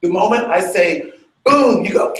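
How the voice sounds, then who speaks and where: Teaching a dance fitness workshop, this man is chatty and expressive, checking in with his listeners and voicing beats and sounds with energy. He speaks unhurriedly in a fairly high pitch, and the room echoes.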